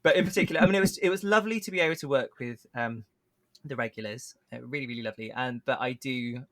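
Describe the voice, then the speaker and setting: A man's voice: medium pitch, fast, fairly bright tone, no echo. Chatty man, dry close sound. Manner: chatty, laughs often, many fillers. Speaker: podcast co-host and actor. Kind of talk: casual behind-the-scenes chat.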